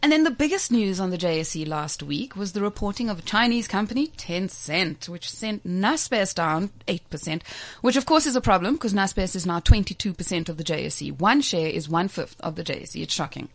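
A woman's voice: medium pitch, animated, a little fast. A woman co-hosting a casual radio talk on markets, chatty and laughing often as she explains. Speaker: market commentator co-host.

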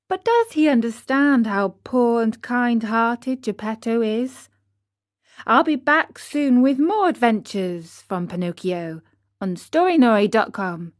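A woman narrating a children's story in a clear, unhurried scripted reading. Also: fairly high pitch, dry recording, studio quality.

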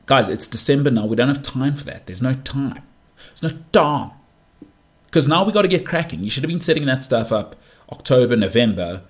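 A young man hosting a football podcast, talking in a brash, animated monologue full of rambling asides. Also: mid-range voice. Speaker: podcast host.

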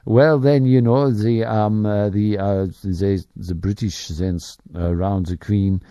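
A man with a low, deeply mellow voice delivers opinionated business commentary as a show host. He rambles, pausing often on fillers and circling back on himself. The sound is dry and close, with little room. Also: steady tone, no echo. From Africa. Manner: rambling, many fillers and restarts.

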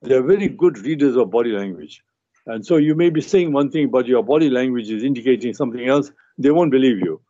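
A man's voice: mid-range voice, animated, fast, dark tone, no echo. Earnest male doctor on muffled radio. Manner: earnest, explanatory, many restarts and fillers. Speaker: guest family physician. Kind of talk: radio advice talk.

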